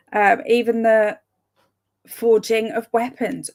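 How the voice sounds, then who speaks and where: A chatty woman reads live-chat comments aloud, her voice gravelly and full of fry. She speaks slowly and unhurriedly, but turns excitable now and then, slipping into a laugh or a sudden whisper. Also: medium pitch. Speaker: streamer reading live chat. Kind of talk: casual chat with live viewers.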